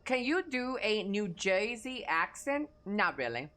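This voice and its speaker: Unhurried woman streamer with a lively pitch. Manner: reads chat aloud and answers casually, swearing freely. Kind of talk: casual live-stream chat.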